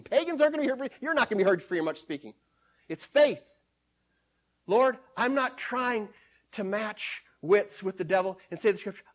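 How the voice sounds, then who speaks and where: A man preaching a sermon in a high, light voice. He stresses and repeats scripture phrases, dropping to a hush and then rising loud again. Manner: emphatic, repeats scripture phrases, swings between hushed and loud.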